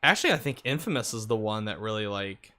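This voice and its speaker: A man's voice: fairly low pitch, expressive, quick pace, a crowd in the background. A man co-hosting a casual gaming chat, giving strong opinions and laughing often.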